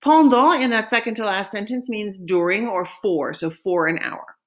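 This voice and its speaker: A woman French teacher, recording a lesson and modeling phrases slowly for students to repeat. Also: medium pitch. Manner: slow modeling of phrases for repetition.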